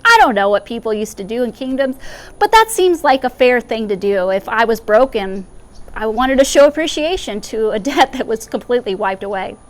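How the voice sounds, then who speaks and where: Frau, Seelsorgerin, Meditation, eher hohe Stimme, locker erzählend. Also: female voice, a little high, expressive, moderate pace. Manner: conversational, with asides. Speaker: chaplain. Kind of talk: spoken meditation retelling a parable.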